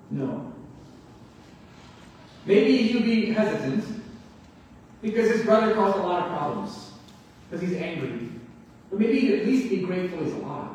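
A man's voice: high voice, lively intonation, normal speed, pauses often, darkish tone, a little hiss or hum. A man preaching a sermon in an earnest, explanatory way, asking rhetorical questions. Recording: echoey hall, mic far off.

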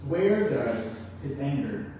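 A man's voice: medium pitch, sing-song, takes it slowly, mellow, slight background noise. A man preaching a sermon in an earnest, explanatory way, asking rhetorical questions. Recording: echoey hall, mic far off.

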